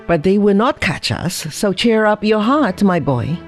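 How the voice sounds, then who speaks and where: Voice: mid-range voice, expressive, measured pace, dark tone, soft background music, low-quality recording. A narrator voicing a strong, proud man on the run, talking firmly. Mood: gruff.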